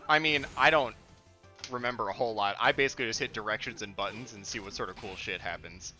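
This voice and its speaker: A young man co-hosting a casual gaming stream, talking low-key and often mumbling asides. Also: quick pace, sharp tone, faint music behind. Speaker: co-host.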